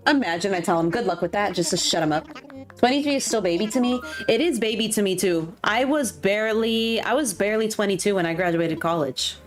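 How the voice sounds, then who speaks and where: A woman, streaming a game and chatting casually, gushing and poking fun at herself. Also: lowish voice. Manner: chatty, gushing, self-mocking. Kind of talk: casual chat while gaming.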